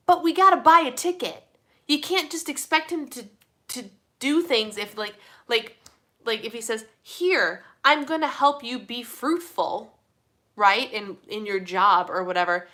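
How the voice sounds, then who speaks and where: A young woman chatting casually on a live stream, reading viewer comments, animated and full of fillers like "like". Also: a little high. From Midwestern United States. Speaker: host of a live community chat.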